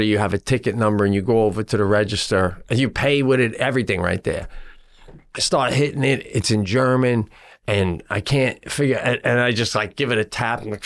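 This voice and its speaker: A middle-aged man co-hosting a podcast, telling a story in a casual, animated way and acting out his own exasperated lines. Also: lowish voice. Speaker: podcast co-host.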